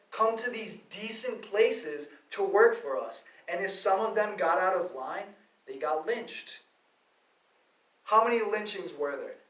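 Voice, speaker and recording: A man's voice: sits high, fairly bright tone. A man delivering a profane, rambling, heated rant as a vlogger monologue. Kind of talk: ranting monologue. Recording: roomy, distant from the mic.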